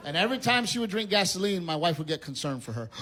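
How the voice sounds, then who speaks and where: A middle-aged man performs stand-up with a high, lively voice that swings all over the place. He tells stories and then yells the punchlines. The live recording carries clear background noise. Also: a little fast. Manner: animated storytelling, yelling punchlines. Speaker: stand-up comedian. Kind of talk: stand-up comedy routine.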